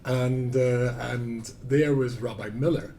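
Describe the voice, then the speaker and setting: Taking it slowly, a Scottish-accented rabbi from Scotland delivers a Torah lecture to a live audience, with self-deprecating stories that swing between loud emphasis and quiet asides. His medium pitch has fairly even intonation, and there's slight background noise.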